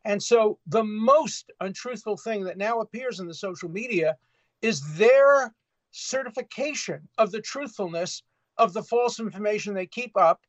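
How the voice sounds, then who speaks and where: An older man joins an interview as a guest and argues his point emphatically. His voice is high for a man. The sound is muffled and very dry, like a lo-fi remote feed. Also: normal speed, no room sound. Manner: emphatic, argumentative. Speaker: guest commentator.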